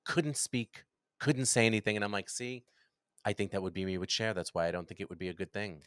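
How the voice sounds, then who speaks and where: A man in casual podcast chat, an animated storyteller who acts out what others said, recorded close in a studio. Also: lowish voice, a little fast, clean tone, no echo.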